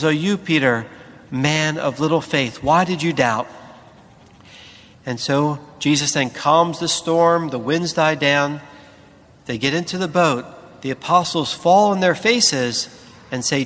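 A priest giving a sermon, speaking slowly and deliberately with emphatic pauses. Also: male voice, fairly high pitch, a bit bright, in a large hall.

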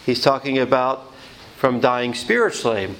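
A man preaching a homily, explaining scripture in an earnest, measured way with a few restarts. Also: medium pitch, expressive, fairly bright tone, poor audio.

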